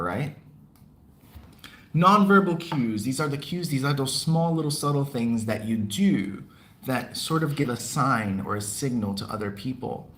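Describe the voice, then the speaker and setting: A man's voice: medium pitch, a bit bright, slight background noise. Man, livestream podcast host, casual chat, talkative, laughs a lot, reads out comments, mid-range voice. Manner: chatty, laughs often, reads viewers' comments aloud.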